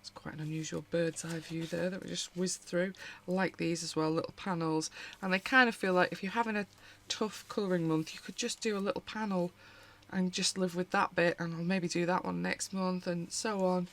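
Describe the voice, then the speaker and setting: A woman's voice: lowish voice, steady tone, brisk, a bit bright. A British woman hosting a casual haul vlog from home, talking in a rambling, chatty way with frequent asides as she pages through books. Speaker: colouring channel host.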